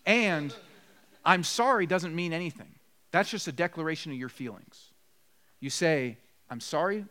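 A male pastor delivers a sermon from his church. His voice sits a bit higher than most men's, and he speaks in an earnest, direct way. He slips into short spoken lines to show how people talk to each other. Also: lively intonation, normal speed, a bit bright. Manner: earnest, acts out quoted apologies in dialogue. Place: church sanctuary.

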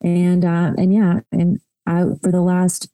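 A woman's voice: fairly low pitch, completely flat delivery, measured pace, mellow, smooth, dry recording, rough recording. A woman in her thirties, a podcast guest, telling a heartfelt personal story in a reflective way, often repeating words as she gathers her thoughts.

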